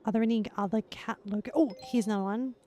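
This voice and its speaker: A woman's voice: on the high side, steady tone, fast talker, mellow. A woman streaming live, chatting casually with her viewers and laughing often as she plays.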